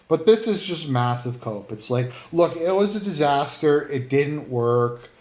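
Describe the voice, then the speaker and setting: A man's voice: on the high side, animated, measured pace, darkish tone. A man giving casual commentary online, rambling and blunt, with many fillers and some swearing. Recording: roomy, echoey room.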